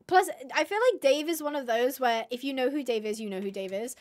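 A young woman live-streaming a game in casual chatter, reading chat aloud and breaking into excited squeals. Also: sits high, a little fast.

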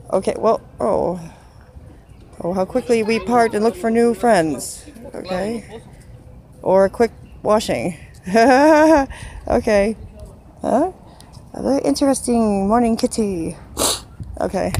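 Cooing high-pitched woman talking to a cat. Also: a little mellow, a little hiss or hum. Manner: cooing, playful baby talk. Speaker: vlogger. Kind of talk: casual talk to a cat while filming. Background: background music.

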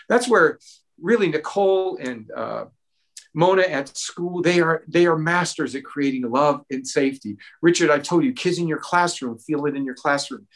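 A middle-aged man answering a question at a town hall, earnest and animated, giving parenting advice with personal stories. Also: a little high. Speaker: mental health expert.

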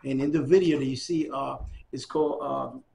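In a relaxed oral history interview, a middle-aged man recounts his life in a creaky, mid-range voice at a moderate pace. He gets animated and performs the lines of the people he quotes.

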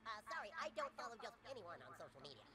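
A woman's voice: fairly high pitch, expressive, rapid-fire, sharp tone. A woman voicing a snobbish cartoon video game character who brushes people off, dismissive in tone. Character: snooty adult woman obsessed with followers.

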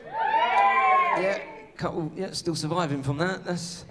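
A man's voice: high-pitched, lively intonation, fairly quick, in a large hall, heavy background noise. A man doing a live stand-up set, sweary and teasing the crowd. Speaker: stand-up comedian. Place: comedy venue stage.

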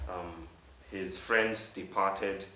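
A man's voice: sits low, steady tone, pushed and bright. Earnest man in his thirties, distant hall. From Africa. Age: 30s. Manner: earnest, vulnerable, halting. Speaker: public speaker. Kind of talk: storytelling lecture. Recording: roomy hall from a distant mic with faint hiss.

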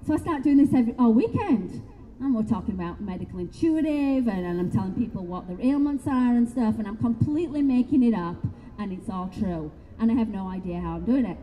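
A middle-aged woman speaking to a live expo audience, telling her story in a chatty, animated way and often checking in with "right?". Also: on the high side, brisk, long reverb tail, lo-fi sound, a little hiss or hum. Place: expo hall talk.

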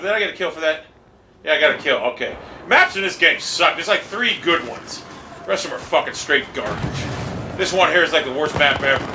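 Here a man's slightly high voice carries lively intonation and moves a little fast as he streams his game. He's furious, cursing constantly and grumbling in exasperation. The distant mic picks up a roomy space and loud game audio.

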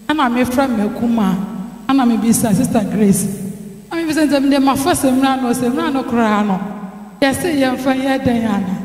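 Woman telling a church testimony. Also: on the high side. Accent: Ghanaian. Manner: lively storytelling, acting out dialogue. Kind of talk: spoken testimony. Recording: echoey hall, long reverb.

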